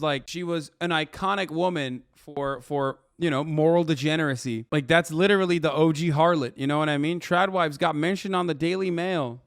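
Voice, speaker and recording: Loud, mocking young man streamer. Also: a little high, smooth, dry recording, clean studio sound. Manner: loud, mocking, profane, emphatic. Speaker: streamer reacting to videos. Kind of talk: casual reaction commentary.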